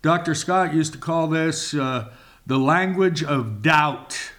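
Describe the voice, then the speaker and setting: A slow, deliberate preacher reads scripture aloud, then explains it with dramatic stress, at points falling to a whisper. His voice leans high and carries a fairly bright tone.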